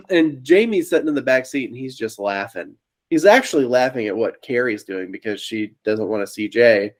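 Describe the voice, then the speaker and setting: A man's voice: mid-range voice, normal speed. Man telling a story on a podcast. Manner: animated storyteller. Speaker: podcast co-host. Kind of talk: casual chat, telling stories.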